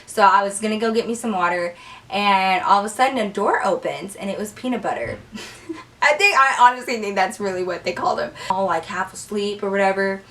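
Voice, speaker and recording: A young woman telling a story in a casual, animated way, cursing freely and saying "like" a lot. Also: medium pitch, brisk, far from the mic. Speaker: vlogger.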